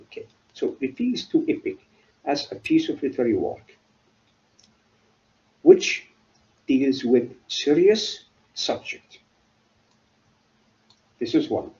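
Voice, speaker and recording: A man's voice: medium pitch, very animated, a little mellow. Middle-aged guy lecturing on literature, stops and starts, asks "like what?" then answers, kinda muffled lo-fi audio. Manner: halting, asks and answers his own questions. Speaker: literature professor. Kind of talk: university lecture.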